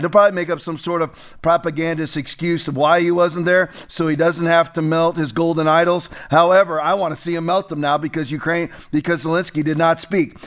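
A man's voice: a little high, a bit bright. A man hosting a political commentary show, talking emphatically and repeating phrases for stress.

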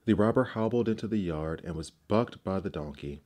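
Low-voiced guy reading bedtime fairy tales, gentle and expressive. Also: moderate pace. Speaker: narrator. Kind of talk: scripted storybook narration.

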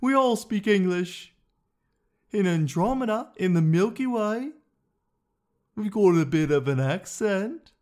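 A man putting on a high, lilting, mock-formal voice for an English-speaking alien from another galaxy. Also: animated, measured pace, pauses often, a little mellow.

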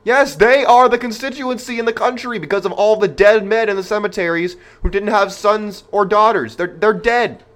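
A man's voice: high voice, normal speed, fairly bright tone. A man hosting a podcast, delivering an opinionated monologue in an emphatic, rhetorical manner and speaking straight to his listeners. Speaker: podcast host.

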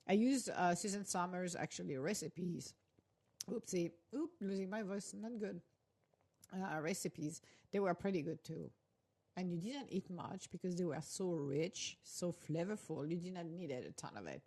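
A woman hosts a relaxed, rambling chat while she eats. Her voice sits low, and she laughs easily as she drifts from one thought to the next. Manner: chatty, rambling, laughs often. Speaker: podcast host. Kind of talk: casual chat while eating.

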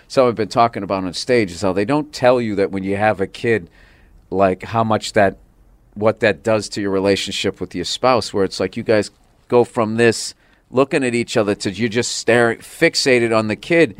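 A man in his forties from the area, telling stories in casual podcast chat as a comedian guest, animated and profane. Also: lowish voice, no echo. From Boston area. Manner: animated storytelling with put-on voices and profanity.

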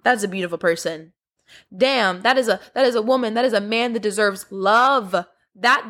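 A woman's voice: high voice, a bit bright. A young woman hosting a solo motivational podcast, giving an affectionate, emotional pep talk and calling her listeners baby. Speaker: podcast host.

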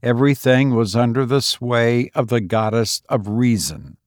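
Brief: male narrator, unhurried and deliberate, very dry close sound. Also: medium pitch, no echo. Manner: measured, deliberate delivery. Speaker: podcast host and narrator. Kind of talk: scripted story reading.

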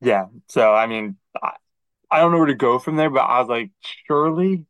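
A man co-hosting a podcast, chatting casually and acting out quoted dialogue in an animated storytelling manner. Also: medium pitch, brisk, smooth, no echo, rough recording. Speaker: podcast co-host. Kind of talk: casual chat.

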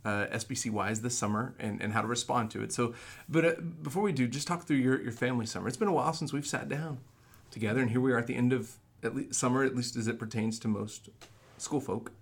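A man from Texas, a pastor co-hosting a podcast, talking in a relaxed, easygoing way and laughing easily. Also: mid-range voice, quick pace. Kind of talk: casual chat.

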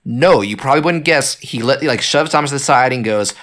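A man casually discussing a horror movie, animated and full of fillers and restarts. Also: medium pitch, fairly quick, hardly any pauses. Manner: animated, lots of fillers and restarts, acts out quotes. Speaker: podcast co-host.

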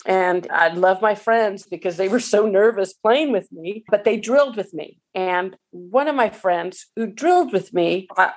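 A woman in her forties, a pickleball player, telling a personal story in an emotional, halting way with many restarts. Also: mid-range voice.

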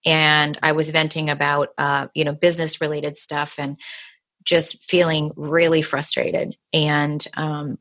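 Low-voiced woman podcast host. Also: fairly bright tone. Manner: chatty, storytelling, frequent fillers and restarts. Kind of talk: casual conversation.

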